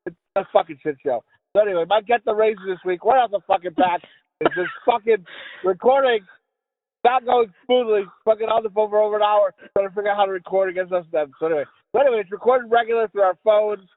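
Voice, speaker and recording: A middle-aged man rambles through a casual podcast chat, full of swearing and laughter. His voice sits high for a man. It comes through a tinny phone line with a close, dry sound. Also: quick pace, no echo. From United States. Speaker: podcast host.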